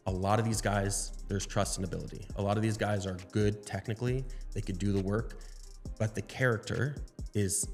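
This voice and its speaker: A man's voice: on the low side, a little mellow. A man hosting a podcast, explaining ideas in a coaching way. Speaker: podcast host. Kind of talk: casual podcast conversation.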